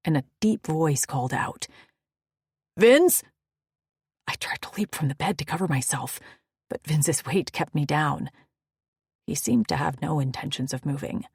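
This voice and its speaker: A woman reads a first-person romance audiobook in an intimate, breathy hush. Her voice is low and husky, with a gravelly fry. She takes an unhurried pace. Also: no echo, clean studio sound. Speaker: audiobook narrator.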